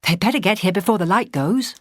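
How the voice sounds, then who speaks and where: A woman voicing a calm, steady young woman who speaks plainly. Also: medium pitch, brisk, dry recording, clean studio sound, voice pushed up, natural voice.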